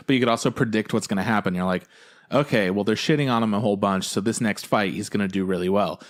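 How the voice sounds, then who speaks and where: Excitable, profane man recapping anime. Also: on the low side. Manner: excitable, profane, acts out scenes in quick impressions. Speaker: podcast co-host. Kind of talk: casual chat.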